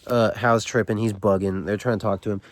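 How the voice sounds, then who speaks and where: A man's voice: fairly low pitch, fairly even intonation, a little fast, no room sound. A man hosting a casual read-along, reading from a novel and commenting in loose, slangy, rambling talk with many fillers. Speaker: host reading a novel aloud.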